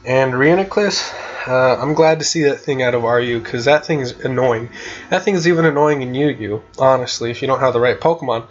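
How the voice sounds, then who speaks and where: A man chatting casually on his gaming channel in a laid-back way, filling his talk with little laughs and pauses while he has the hiccups. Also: medium pitch, dull audio. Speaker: gaming YouTuber. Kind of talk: casual commentary on competitive play.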